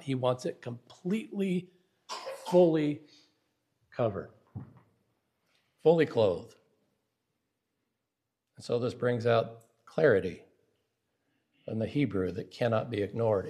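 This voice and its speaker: A man's voice: fairly high pitch, a little mellow. A man teaching a Bible study lesson, emphatic and stressing words by repeating them, often restarting his phrases.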